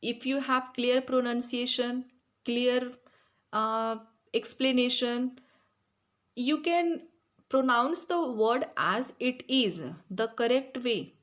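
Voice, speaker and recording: A woman's voice: fairly high pitch, takes it slowly, fairly bright tone. A woman from India with an Indian English accent, teaching an exam-prep lecture in a chatty, repetitive way that speaks straight to her students. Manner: conversational, repetitive, addresses students directly.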